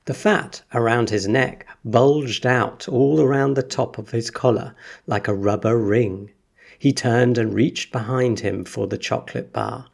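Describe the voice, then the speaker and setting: A man reading a children's story aloud for English learners in an expressive, unhurried way. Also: medium pitch, gravelly. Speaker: story reader.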